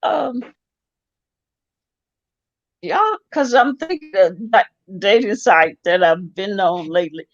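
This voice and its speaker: A man's voice: sits high, expressive, takes it slowly, long pauses, fairly bright tone, no echo. A man hosting a casual chat show, talking hesitantly with lots of giggling. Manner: giggly, hesitant, repeating himself. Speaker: show host. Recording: dull lo-fi sound.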